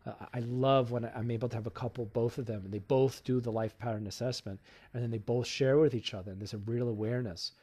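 A man's voice: mid-range voice, fairly even intonation, quick pace, mellow. A man acting as a relationship coach gives casual self-help advice. He talks conversationally, with many fillers such as "you know.". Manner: acts out inner voices in quotes.

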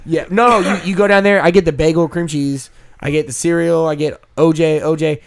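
Fast-talking guy telling stories. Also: on the high side, gravelly. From Texas. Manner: profane, rambling, animated storyteller. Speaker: podcast co-host and streamer. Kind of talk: casual storytelling chat.

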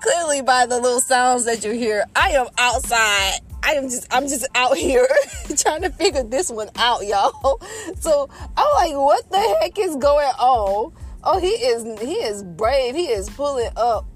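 A young woman talking from her car to her listeners, excitable and exasperated, breaking into laughter often. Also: on the high side, measured pace, soft background music. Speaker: podcast host. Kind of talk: casual storytelling to listeners. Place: in her car, parked and driving. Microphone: phone.

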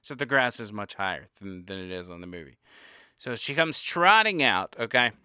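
Bright, animated male storyteller. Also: moderate pace, clear, resonant tone, dry recording, studio quality. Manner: animated, with varied pitch and loudness. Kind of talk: casual spoken anecdote.

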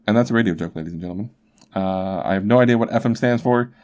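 A man's voice: deep voice, very fast, a little mellow. A young man hosting a podcast, telling a true crime story in a chatty, rambling way with lots of asides. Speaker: podcast host.

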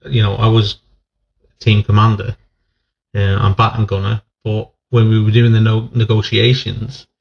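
A man in his forties with a fairly low voice chats casually as a podcast guest, recalling his army days and his childhood. He rambles, swears and breaks into laughter often. The recording sounds dull and lo-fi. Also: gravelly. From England, raised in Northern Ireland. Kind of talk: casual chat.

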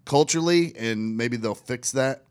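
A blunt man giving football opinions on a casual podcast, at a medium pitch. He swears a lot and stumbles over the start of his sentences. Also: moderate pace, smooth. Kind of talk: casual sports chat.

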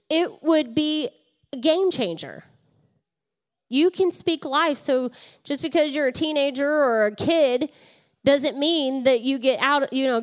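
A middle-aged woman pastor preaching in a church, her voice sitting a little high. She slides between chatty, laughing storytelling and earnest exhortation to the congregation. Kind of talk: sermon.

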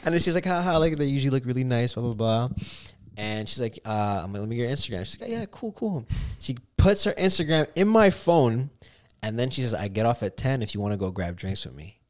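A young man hosting a podcast, telling a story in casual chat, animated and laughing as he goes. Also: medium pitch. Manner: quick and animated, laughs through his lines. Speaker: podcast host.

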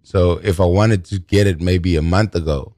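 Low-voiced South African man chatting. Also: steady tone, moderate pace, warm tone, no echo, clean studio sound. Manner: chatty, laughs often, repeats words. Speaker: comedian guest. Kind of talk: casual podcast chat.

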